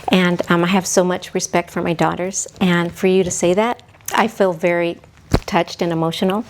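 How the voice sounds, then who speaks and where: A woman in her sixties, a podcast guest, telling her own story in a halting, heartfelt way that often drops toward a whisper. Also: lowish voice, steady tone, slight background noise. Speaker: podcast guest, mother of the hosts. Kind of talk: reflective personal storytelling.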